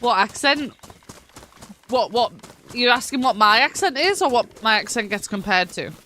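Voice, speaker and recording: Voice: medium pitch, animated, normal speed, bright, forceful tone. A gaming streamer from northeast England with a northeast English accent, chatting casually and playfully with viewers and swearing now and then.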